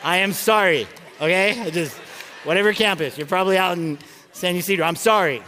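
A middle-aged man preaching a sermon as pastor, telling stories and jokes in an animated way, often stumbling and restarting his words. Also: high voice, brisk, a faint crowd, a little hiss or hum. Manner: animated storytelling with frequent stammered restarts and jokes. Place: large church auditorium. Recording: long reverb of a large hall.

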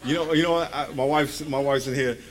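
A man's voice: medium pitch, fairly even intonation, a little fast, a crowd in the background. A man in his forties preaching a conversational sermon in a church, joking and firing rhetorical questions at the congregation.

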